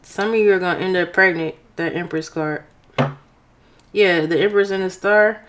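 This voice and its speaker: A young woman giving a casual tarot reading to her viewers, expressive and excitable, talking through tears at times. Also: on the low side, a little hiss or hum. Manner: expressive, excitable, exclaims often. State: emotional, near tears. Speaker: tarot reader.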